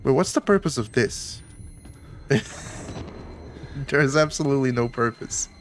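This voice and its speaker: A man's voice: mid-range voice, expressive, unhurried, a little hiss or hum. A man commenting on his own horror game playthrough, playful and jumpy, talking to himself as he sneaks around. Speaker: gaming YouTuber. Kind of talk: let's play commentary.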